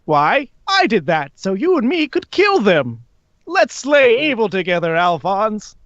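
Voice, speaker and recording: A man's voice: high voice, big pitch swings, unhurried, fairly bright tone, dry recording, pitched above the performer's own voice, exaggerated voice. A man voicing a manipulative male war veteran who cackles and persuades, on dull lo-fi audio. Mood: sly.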